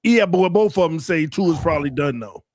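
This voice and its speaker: A man with a fairly high voice chats about football on a loose roundtable show. He laughs often and defends his team with playful stubbornness. The sound is dry and close. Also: lively intonation, normal speed, darkish tone, dry recording. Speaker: co-host, Dolphins fan. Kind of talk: casual sports roundtable chat.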